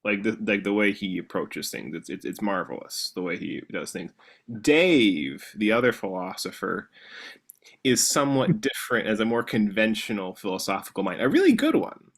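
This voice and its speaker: A man's voice: on the low side, expressive, moderate pace, vocal fry, a bit bright. A man talking casually about a novel, rambling with many fillers and restarts. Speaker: book discussion participant. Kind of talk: casual chat.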